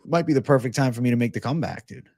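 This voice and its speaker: A man in his twenties chats through a livestream Q&A in a relaxed, loose way, swearing freely as he reads viewers' questions aloud. His voice sits at an ordinary pitch for a man. The sound is close and dry, with no room echo. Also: very fast. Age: 20s. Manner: laid-back, swears often, reads chat aloud. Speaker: host of a livestream Q&A. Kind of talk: casual livestream chat.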